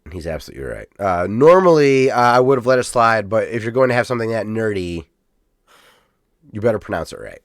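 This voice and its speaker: A man co-hosting a podcast in casual chat, animated and rambling, swearing now and then. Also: lowish voice, fairly quick, dry recording, clean studio sound. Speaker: podcast co-host.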